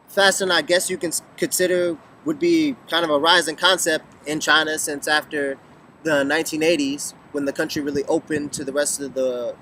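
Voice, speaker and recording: A man's voice: fairly high pitch, fairly bright tone, a little hiss or hum. Casual young man answering questions. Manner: thoughtful, many ums and restarts. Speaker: vlogger answering viewer questions. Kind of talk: casual talk to camera. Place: lives in Beijing.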